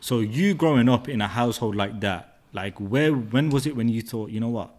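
A man's voice: medium pitch, normal speed, a little mellow. A man hosting a podcast interview, agreeable and encouraging, asking his guest about his background. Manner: agreeable, lots of short backchannels. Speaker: podcast host.

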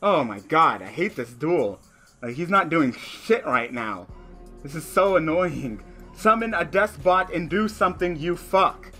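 Young guy cussing thru a card game, bright edgy voice, faint music behind. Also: lively intonation, measured pace. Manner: cursing, frustrated, muttering to the opponent; ranting in a high, laughing voice. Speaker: online card game streamer. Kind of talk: profane gameplay commentary.

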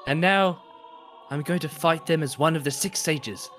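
A bold, proud desert warrior woman, as a man reads her lines, speaking with a dramatic touch. The voice sits fairly high, bright and forceful. Game music plays faintly behind. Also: normal speed, lightly acted. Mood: proud, earnest. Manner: dramatic reading of game dialogue. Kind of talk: reading game text aloud in character.

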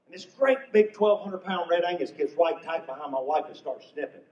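A man's voice: fairly high pitch, a little fast, a little mellow, a little hiss or hum. Older man telling stand-up stories. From North Carolina. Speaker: comedian. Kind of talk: stand-up comedy storytelling. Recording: echoey venue from far off, muffled.

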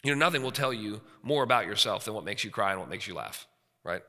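A man's voice: fairly low pitch, expressive, fast talker, pushed and bright. A man in his forties preaching an emphatic sermon, often checking in with his listeners. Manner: emphatic, frequent rhetorical checks with the audience. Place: seminary chapel. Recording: reverberant hall.

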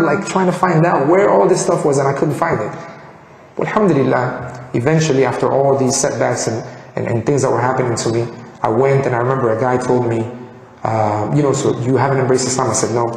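A man from Colombia tells his life story in an earnest, animated way and voices the people he quotes. His speaking pitch sits in the middle range. He is recorded in a reverberant room with a long, echoing tail. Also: creaky. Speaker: convert telling his story. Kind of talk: personal testimony.

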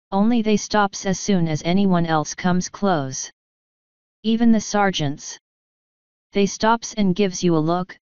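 A woman voicing an earnest older male police sergeant who drops his g's and speaks in rough, plain grammar. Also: medium pitch, darkish tone, no echo, muffled recording, close to an everyday voice.

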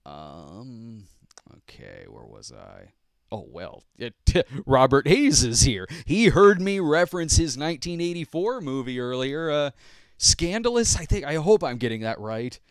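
A man's voice: medium pitch, big pitch swings, measured pace, clean tone, no room sound. Man, 50s, podcast host, casual rambling chat, self-deprecating, chuckles often, dry close sound. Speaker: podcast host and movie reviewer. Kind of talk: casual podcast chat answering viewer questions.

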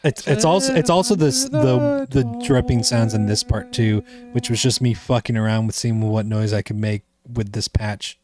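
Easygoing man, mid-pitched voice. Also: expressive, moderate pace, few pauses. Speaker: band member. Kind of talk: casual album commentary on a livestream.

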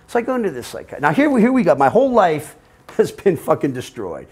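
In an interview, a middle-aged American man tells his own story in a fairly high, fast voice with a breathy edge. He's candid, animated, rambling and profane, often quoting other people in their voices.

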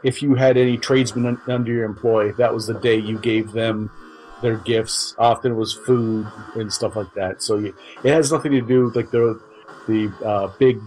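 A man's voice: medium pitch, fairly even intonation, moderate pace, a little mellow, rough recording. A man co-hosting a podcast in casual chat, rambling through explanations with many restarts. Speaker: podcast co-host.

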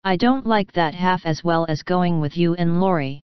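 A coaxing, spoiled little sister who pleads and whines to get her way, read by a woman. The voice sits low, very smooth and clear, dry and close, on slightly dull audio. The reading keeps a storybook feel. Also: normal speed, no room sound, lightly acted. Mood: pleading. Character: whiny spoiled youngest sister, a young girl.

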